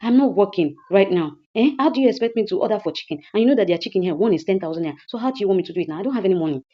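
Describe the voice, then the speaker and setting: A woman's voice: medium pitch, expressive, rapid-fire, muffled recording, natural voice. A woman with a Nigerian accent voicing a broke male friend who keeps complaining that he has no money. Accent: Nigerian English. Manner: complaining, repetitive with "eh".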